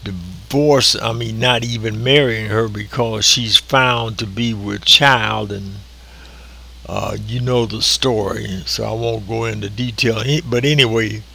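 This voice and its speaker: Male preacher, recorded sermon; unhurried, deliberate delivery, pressing on words; bright tone. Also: on the low side, steady tone, vocal fry. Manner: slow and deliberate, drawn-out emphasis.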